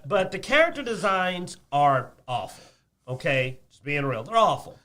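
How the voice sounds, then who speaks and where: A man co-hosting a casual chat show about games, ranting in an animated way and laughing often. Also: on the high side, normal speed. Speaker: podcast co-host.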